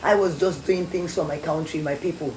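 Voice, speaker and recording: Young Sierra Leonean woman, guest, lively storyteller; low warm voice, echoey room. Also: brisk. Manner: animated storyteller acting out quoted voices. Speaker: guest, former beauty queen. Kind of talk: storytelling interview. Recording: echoey studio with faint noise.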